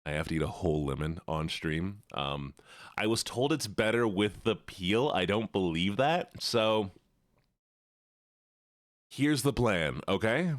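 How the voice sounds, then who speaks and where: A man's voice: deep voice, animated, a little slow, no echo, clean studio sound. A man streaming live, chatting casually with viewers in a rambling, self-correcting way.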